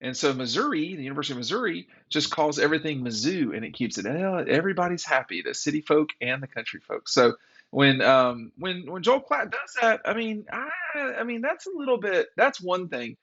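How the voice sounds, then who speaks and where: A man's voice: fairly high pitch, sing-song, fairly quick, fairly bright tone, breathy edge. A man hosting a sports commentary show, talking in a rambling, opinionated, exasperated way. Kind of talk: casual opinion monologue. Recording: dull lo-fi audio.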